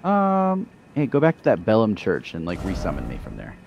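A man's voice: fairly low pitch, huge pitch swings, fairly quick, vocal fry, a little mellow, soft background music. A man chatting casually with a friend during a co-op game, dry and teasing. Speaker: co-op player. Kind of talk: casual gameplay chat.

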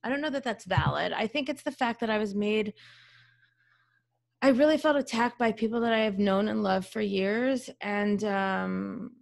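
A woman's voice: mid-range voice, moderate pace, vocal fry. A woman podcast host and psychologist talking candidly in casual conversation, swearing freely, with many fillers.

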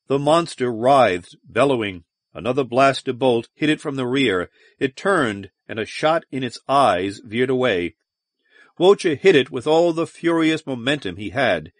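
Male audiobook narrator, measured, dramatic, middle pitch, dry close sound. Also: lively intonation, no room sound. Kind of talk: scripted narration.

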